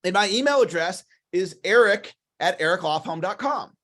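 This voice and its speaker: Man, motivational livestream talk, high voice, enthusiastic, repeats himself, clears his throat. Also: animated, moderate pace, pushed and bright. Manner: enthusiastic, repetitive, coaching. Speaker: sales coach.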